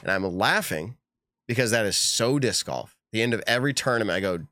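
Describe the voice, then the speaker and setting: A man hosting a casual podcast, chatting in an animated, emphatic way and laughing often. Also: on the low side, brisk, no room sound, clean studio sound. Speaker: podcast host. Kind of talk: casual chat.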